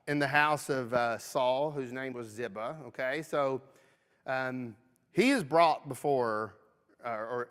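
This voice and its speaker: A man's voice: mid-range voice, a bit bright. West Kentucky man teaching a Bible class. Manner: conversational, frequent "okay?" check-ins. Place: church auditorium. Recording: long reverb of a church auditorium.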